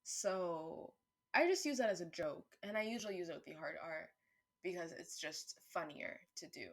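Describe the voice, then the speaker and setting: A woman vlogger thinking aloud in a casual monologue, rambling with restarts, swearing freely, and turning louder and higher when worked up. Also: moderate pace. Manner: animated, rising pitch and volume when worked up.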